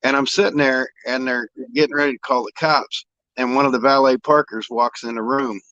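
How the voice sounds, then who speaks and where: This Indianapolis man's mid-range voice is brisk, bright, and forceful, with fairly even intonation. In a casual chat he rambles through long anecdotes with a bit of swearing; the recording has no room sound and its highs are cut off.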